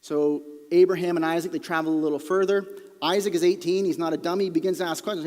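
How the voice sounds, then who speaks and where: A male pastor preaching a sermon with earnest emphasis, sometimes dropping to a quiet, intense delivery. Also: fairly high pitch, steady tone, fast talker. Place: church auditorium. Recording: long reverb of a large hall.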